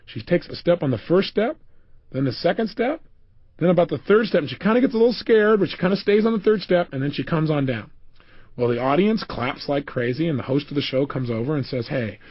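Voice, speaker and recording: Man, motivational speaker, lively storyteller with a dry, close sound. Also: fairly high pitch, a little fast, no room sound, muffled recording. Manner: animated storytelling, acting out quotes. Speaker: self-help speaker. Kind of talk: motivational audio program.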